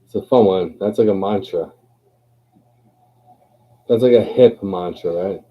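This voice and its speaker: Man, slow drawl, deep-ish, slangy and rambling, tinny phone-line sound, livestream host. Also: breathy edge. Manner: laid-back slangy rambling, playful chanting. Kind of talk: casual live chat. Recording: phone-like lo-fi stream audio.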